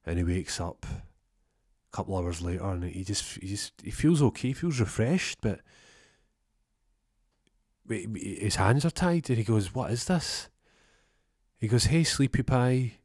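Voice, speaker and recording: A young man telling a rambling comic story, deadpan, acting out both sides of the conversation. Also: lowish voice, measured pace, pauses often, breathy edge, no room sound, studio quality. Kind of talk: comic storytelling with acted-out dialogue.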